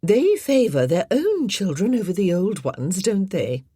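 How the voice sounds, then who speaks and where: Woman playing a spiteful, icy grand dame; superior, husky. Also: medium pitch, very animated, unhurried, dark tone, no room sound, studio quality, voice pushed up. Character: cold, spiteful haughty older lady.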